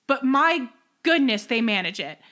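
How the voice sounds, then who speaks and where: A young woman co-hosting a podcast, ranting in animated casual chat. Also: high-pitched, measured pace. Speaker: podcast co-host.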